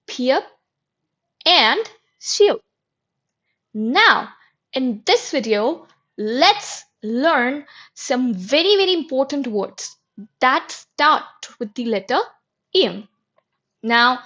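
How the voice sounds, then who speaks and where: A woman's voice: high voice, highs cut off. A woman teaching a beginner vocabulary lesson, patiently explaining and repeating each word twice. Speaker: language teacher.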